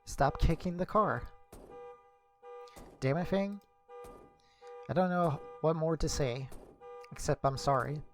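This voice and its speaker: Gravelly young man reading a game aloud. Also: on the high side, takes it slowly, long pauses, faint music behind. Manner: casual reading with slips and self-corrections. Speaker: streamer. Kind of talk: reading a visual novel aloud.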